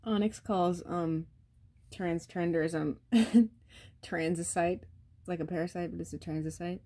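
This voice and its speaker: A woman's voice: on the low side, fairly even intonation, moderate pace, darkish tone. A woman vlogger ranting bluntly and profanely, talking straight to her viewers. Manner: addresses viewers directly. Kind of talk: casual rant to camera.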